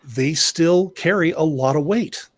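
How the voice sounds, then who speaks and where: A man's voice: on the high side, unhurried. A man co-hosting a podcast in casual political chat, rambling and searching for his words. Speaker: podcast co-host.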